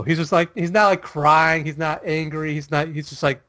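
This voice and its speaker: A man's voice: on the high side, steady tone, moderate pace, bright, forceful tone, no echo. A man co-hosting a casual chat, rambling with lots of fillers and laughing often. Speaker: podcast co-host.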